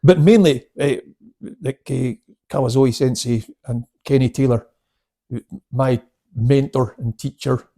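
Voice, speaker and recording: An older man in his seventies who chats and laughs his way through stories. His voice is gravelly and husky, with many restarts and fillers. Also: medium pitch, a little slow, warm tone. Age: 70s. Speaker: guest, karate instructor. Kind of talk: casual storytelling interview.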